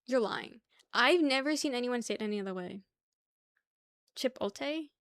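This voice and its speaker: A woman's voice: a little high, lively intonation, moderate pace, fairly bright tone, smooth, dry recording. Chatty young woman streamer, dry sound. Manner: rambling, swears casually, laughs often. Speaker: livestream host. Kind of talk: casual chat with chat viewers.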